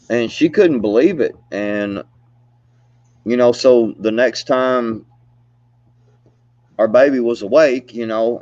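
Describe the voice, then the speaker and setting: A man's voice: on the low side, a little mellow, dry recording. A man telling stories in a casual chat, laid-back and rambling, laughing often and filling gaps with "you know". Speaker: storyteller. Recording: dull, dry lo-fi recording.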